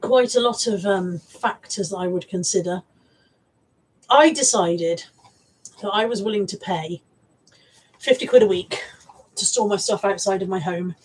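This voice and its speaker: Chatty husky woman with a Bristol accent. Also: medium pitch, a little slow, pauses often, poor audio. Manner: chatty, rambling, repeats words and restarts, reads out viewer comments. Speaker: vlogger showing a thrift haul. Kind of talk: casual live-stream chat.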